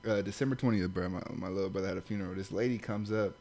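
A man's voice: low voice, fairly even intonation, rapid-fire, darkish tone. A young man from Los Angeles with a Los Angeles accent, telling stories in a casual chat, loose and profane with many asides.

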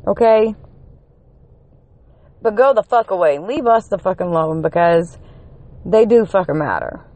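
A woman giving an angry, profanity-filled rant to her camera, running on one hour of sleep and climbing to shouts when her temper peaks. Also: mid-range voice, animated, unhurried. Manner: heated, swearing constantly, rising to shouts. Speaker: vlogger.

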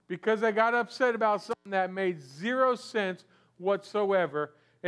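A man's voice: high voice, smooth. A man preaching a sermon in a conversational way, asking rhetorical questions and often repeating words. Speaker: pastor.

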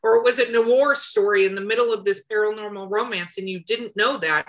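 A woman hosting a casual podcast chat, animated and acting out quotes, with a cough now and then. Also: mid-range voice, a little fast, rough recording. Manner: animated, acts out quotes with shifting voices. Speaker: podcast host and editor.

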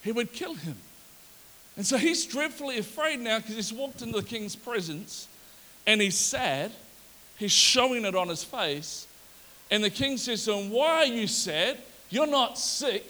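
A male pastor preaching a sermon in a lively storytelling manner and acting out the people in the story. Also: high voice, a little slow, big-room sound. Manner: animated, storytelling, acts out the characters.

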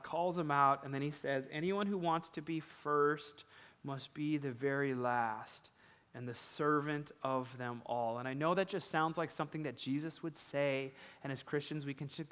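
A man preaching a sermon in a casual, conversational way, dropping to a hush and then rising loud with excitement. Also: on the high side, clear, resonant tone. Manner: animated, conversational, swings from hushed to loud. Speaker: pastor. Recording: reverberant hall.

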